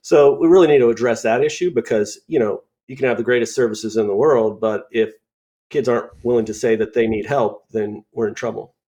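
A man's voice: mid-range voice, brisk, dark tone. A man speaking as a guest on a mental health panel, conversational and peppered with fillers. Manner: conversational, many "you know" fillers. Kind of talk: panel discussion.

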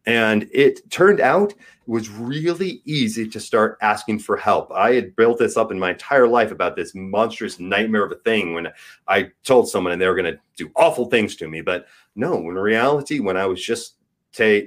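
Man, forties, low-pitched, earnest, frank, emphatic in bursts. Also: moderate pace. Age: 40s. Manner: earnest, frank, swings between soft and emphatic. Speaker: guest. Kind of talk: candid podcast conversation.

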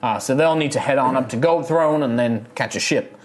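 A man's voice: medium pitch, a little fast, slight background noise, natural voice. A man voicing a humble old male dwarf in a tabletop game, speaking in a put-on Texan drawl with hesitant restarts.

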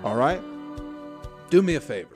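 A man's voice: on the high side, very animated, moderate pace, music in the background. A man around forty, hosting a solo comedy podcast and rambling crudely with profane, sarcastic asides. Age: 40s.

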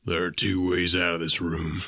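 A man playing a gruff old farmer. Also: low voice, completely flat delivery, moderate pace, pushed and bright, no room sound, clean studio sound. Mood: angry. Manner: gruff, sardonic. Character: stern old male farmer, quick-tempered.

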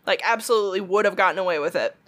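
A woman, a retail worker telling a long story in casual chat, animated and swearing freely as she acts out what people said. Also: mid-range voice, rapid-fire.

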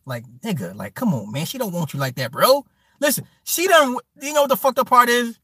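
A man giving a crude, joking rant to his stream viewers, laughing often, with his pitch swinging up and down. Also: big pitch swings, a little fast, a bit bright, no echo, studio quality.

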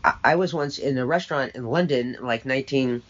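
A woman's voice: extremely low pitch, fairly quick, muffled recording. An older woman being interviewed, talking in an emphatic, opinionated, sardonic way with rambling asides. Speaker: interview guest. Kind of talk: conversational interview.

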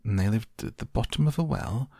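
A man voicing a sleepy dormouse in a hoarse, feeble murmur, reading a storybook at bedtime. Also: on the low side, lively intonation, fairly quick, mellow, dry recording, voice pushed up, full character voice. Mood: drowsy. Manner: faint drowsy murmur.

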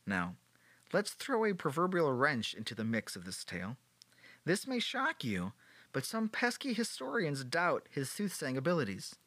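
A man's voice: on the high side, very animated, normal speed, fairly bright tone, no echo. A man hosting a podcast, telling a history story in a casual, playful way with sarcastic joking asides. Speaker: podcast host.

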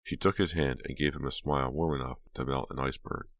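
A man narrating a horror audiobook in a steady, measured way. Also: a bass voice, dry recording, clean studio sound.

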